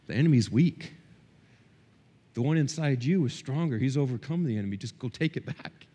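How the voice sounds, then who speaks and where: A middle-aged male pastor preaching a sermon in a church, impassioned, swinging between loud peaks and quiet, intimate stretches. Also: mid-range voice, brisk, long reverb tail. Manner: impassioned, rising and dropping sharply for emphasis. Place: church hall.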